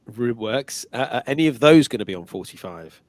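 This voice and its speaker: A man's voice: medium pitch, expressive, brisk. A man hosting a casual talk show, asking chatty, enthusiastic questions. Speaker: show host. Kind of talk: casual interview.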